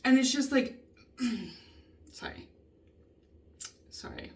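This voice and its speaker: A woman venting in a casual vlog, upset and emotional, frustrated and swearing a lot with halting ums. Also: a little high, huge pitch swings. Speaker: vlogger. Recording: voice a bit distant from the mic.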